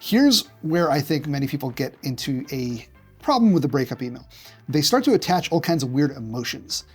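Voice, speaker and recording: A man's voice: medium pitch, very animated, fairly quick, a little mellow, husky, faint music behind. A man presenting a business tutorial straight to camera, direct and punchy, acting out examples along the way. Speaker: marketing executive presenting a tutorial.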